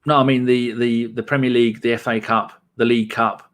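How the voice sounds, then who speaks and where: A chatty man hosting a podcast, reading viewer messages aloud and laughing easily along the way. His voice sits at an ordinary middle pitch. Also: level tone, a little fast. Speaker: podcast host. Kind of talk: casual chat.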